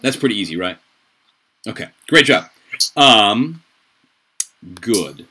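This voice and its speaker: A man's voice: fairly low pitch, sing-song, sharp tone. A man tutoring students for the SAT over a video call, coaching them through answers in an upbeat, chatty way. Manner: upbeat, coaching, quick asides and laughs. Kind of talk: online tutoring session. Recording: noisy online call audio.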